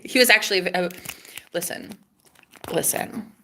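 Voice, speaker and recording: Animated, bright-voiced chatty woman. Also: fairly high pitch, normal speed, breathy edge. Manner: chatty, dramatic, swearing, swings between hushed and loud. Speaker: vlogger. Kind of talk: casual storytelling vlog.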